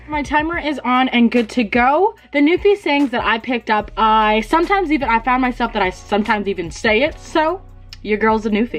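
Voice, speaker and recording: A young woman with a somewhat high voice chats her way through a home beauty tutorial. She laughs at herself and swears casually, keeping it loose and relaxed. Faint music plays softly behind her. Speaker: beauty vlogger. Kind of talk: casual DIY tutorial chat.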